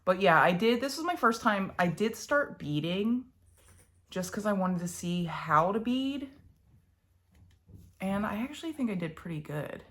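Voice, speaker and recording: With a Philly accent and a medium-pitched, slightly bright voice, a young woman from Philadelphia vlogs about cross-stitch. She's animated but a little slow, chatting loosely about her projects and often restarting or saying um.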